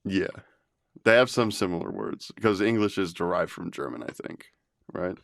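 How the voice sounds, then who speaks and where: A man's voice: low voice, expressive, normal speed, gravelly, a bit bright, no echo, clean studio sound. A man co-hosting a podcast in casual chat, laughing often and swearing freely. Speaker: podcast co-host.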